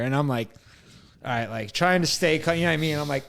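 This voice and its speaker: A young man co-hosting a casual podcast spins a long story, swearing freely and acting out the exchanges as an animated storyteller. His voice is on the high side and he talks fast.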